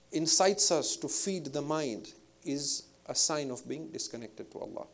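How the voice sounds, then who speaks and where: Male preacher, slightly high voice, measured and reflective delivery with fillers. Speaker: Islamic preacher. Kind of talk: spiritual lecture.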